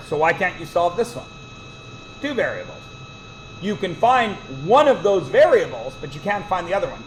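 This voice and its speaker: A man teaching a math class, quizzing the students with quick questions and cracking jokes. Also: sits high, slight background noise, rough recording. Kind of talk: classroom lecture.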